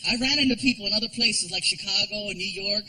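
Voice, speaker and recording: A man doing an animated stand-up comedy routine on a theater stage, telling stories with lots of voices. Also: sits high, quick pace, low-quality recording. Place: large theater.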